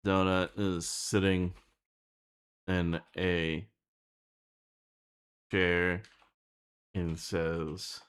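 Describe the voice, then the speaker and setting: A man casually thinking out loud while planning a scene, rambling and halting, with frequent swearing. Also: sits low, level tone, clear, resonant tone. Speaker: streamer writing an animation script.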